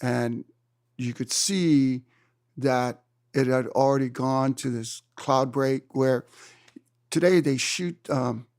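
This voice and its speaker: A man in his seventies from Hawaii, an interview guest telling surf stories in an animated way and acting out his own exclamations. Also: mid-range voice, slow, no echo, clean studio sound. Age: 70s. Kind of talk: storytelling in a conversation. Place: room.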